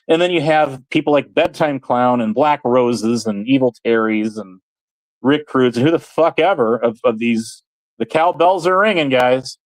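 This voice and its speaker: A man talking straight into the mic in a rambling, sarcastic rant, swearing freely as he airs grievances. His voice sits a little higher than most men's and swings up and down a lot. The sound is close and dry. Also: no echo, rough recording. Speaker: channel host. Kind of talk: casual ranting monologue.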